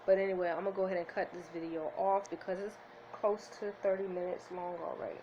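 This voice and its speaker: A woman's voice: on the low side, darkish tone, slight background noise, rough recording. A woman vlogging to her viewers with the camera in her hand, earnest and heartfelt, close to tears with happiness. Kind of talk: emotional motivational vlog. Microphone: handheld camera.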